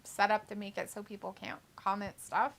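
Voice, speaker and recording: Bright-voiced woman reading stream chat. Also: mid-range voice, fairly even intonation, a little fast, gravelly. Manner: chatty, reads chat messages then reacts. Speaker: co-host of a wrestling watch-along stream. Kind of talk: casual live-stream chat, reading viewer comments aloud.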